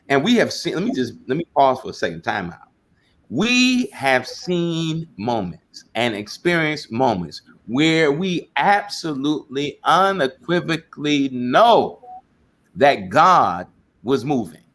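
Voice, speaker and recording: A middle-aged pastor from New York talks through his points in a conversational sermon style, with a fairly high voice. He repeats himself and breaks into loud, animated bursts when he tells a story.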